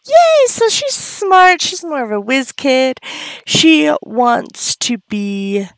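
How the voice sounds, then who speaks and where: Woman doing laid-back game commentary, slow and swoopy, dry close sound, coos at her little sims. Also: sits high, very animated, fairly bright tone, smooth, no echo. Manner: chatty, coos and squeals at game characters; gasps often. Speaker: let's play host. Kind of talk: casual gameplay commentary.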